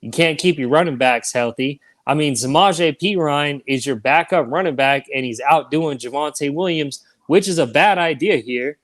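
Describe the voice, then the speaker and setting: A man's voice: fairly high pitch, moderate pace, few pauses, a bit bright. A man co-hosting a sports podcast, making his case emphatically and repeating points for stress. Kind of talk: casual sports debate.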